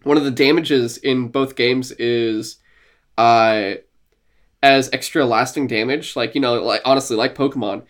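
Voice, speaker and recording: A man co-hosting a podcast in casual gaming chat, animated and laughing, acting out lines from games he describes. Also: mid-range voice, unhurried. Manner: animated, laughing, acts out quotes. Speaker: podcast co-host.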